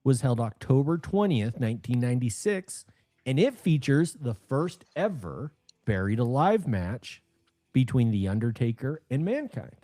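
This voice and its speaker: Podcast co-host, male, 30s, lively pitch, excitable storyteller. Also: moderate pace. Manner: animated storyteller, bursts of excited emphasis. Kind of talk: casual podcast chat.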